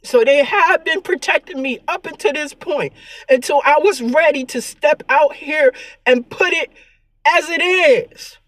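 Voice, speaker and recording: A woman's voice: sits high, a little slow, fairly bright tone, no room sound. A tearful woman vlogger talking in an earnest, preachy monologue about faith and herself, often repeating her words. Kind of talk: emotional spiritual vlog monologue.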